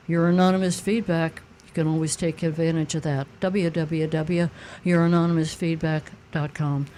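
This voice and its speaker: A man's voice: a little high, level tone, moderate pace, a little mellow, slight background noise. A man hosting a radio call-in show, chatting with callers and reading out the contact number. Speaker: host.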